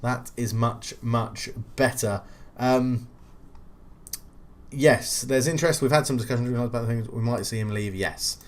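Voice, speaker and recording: A young man hosting a football game playthrough, chatty and excitable, mumbling asides and shouting at goals. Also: medium pitch, unhurried. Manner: excitable, swings between mumbled asides and loud goal calls. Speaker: video game channel host. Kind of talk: let's play commentary.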